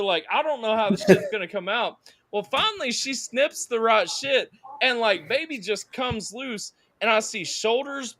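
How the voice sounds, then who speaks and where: A man's voice: very high-pitched, animated, moderate pace, few pauses, bright, forceful tone, no echo, studio quality. A young man hosting a stream, telling a crude story in casual chat, acting out sounds and voices. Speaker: streamer host.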